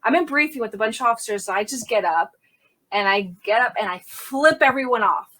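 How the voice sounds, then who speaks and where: A young adult woman, a crime scene investigator, telling a candid story in an interview and acting out the quotes loudly. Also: on the high side, a little fast. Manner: animated, acts out quotes loudly.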